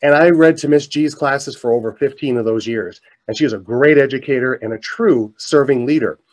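A middle-aged man telling a story in a keynote talk, animated, his voice climbing as he gets excited. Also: mid-range voice, brisk. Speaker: motivational speaker. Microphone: presentation mic, virtual showcase.

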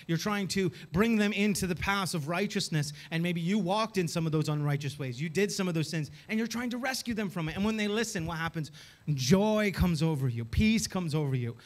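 A man preaching a sermon as a pastor, emphatic and full of rhetorical questions. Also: sits high. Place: church.

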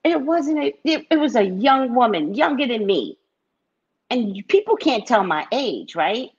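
A middle-aged woman from California, telling stories in an animated, chatty live-stream chat. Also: a little high, measured pace, husky. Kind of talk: casual storytelling chat. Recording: dull lo-fi recording.

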